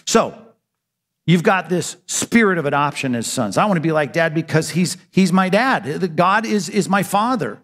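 A man's voice: fairly high pitch, lively intonation, moderate pace, a bit bright, in a large hall. A man preaching a sermon as pastor, asking rhetorical questions and answering them himself with emphatic conviction.

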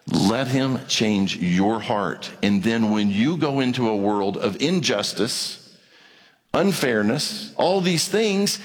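A man preaching a sermon as pastor, animated, acting out little conversations with rises and drops in his voice. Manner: animated preaching, acts out dialogue, pitch swings widely. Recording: long reverb of a large hall.

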